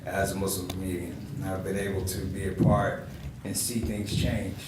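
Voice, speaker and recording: A man in his forties with a low-pitched voice and moderate pace tells animated stories during a panel, voicing the people he quotes and laughing as he goes. He sounds a little far from the microphone, in an echoing, roomy hall over steady background noise.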